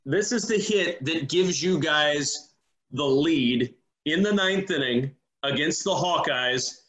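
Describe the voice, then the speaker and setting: A male sports broadcaster with a high voice hosts the interview and asks polished, measured questions. The sound rings with the echo of a room. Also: a bit bright, a little hiss or hum. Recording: echoey studio room.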